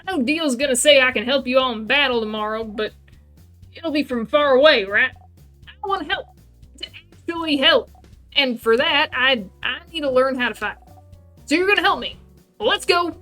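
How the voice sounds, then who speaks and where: A woman voicing an eager, anxious young kid with a high, pleading, excitable voice in a game read-along. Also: moderate pace, faint music behind.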